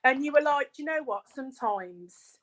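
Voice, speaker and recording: A woman with a Birmingham accent talks as a guest in a loose, rambling way. Her voice sits high, and she fills the gaps with ums and likes. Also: lively intonation, moderate pace, fairly bright tone, a little hiss or hum. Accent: Birmingham (Brummie). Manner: chatty, rambling, lots of fillers. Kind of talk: casual chat.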